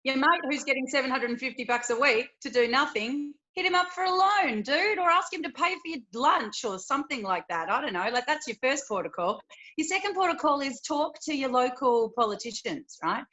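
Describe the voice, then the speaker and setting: A woman chimes in on a casual panel, blunt and practical. She leans on fillers as she talks. Her voice is fairly high. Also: lively intonation, a little fast, bright, forceful tone, muffled recording.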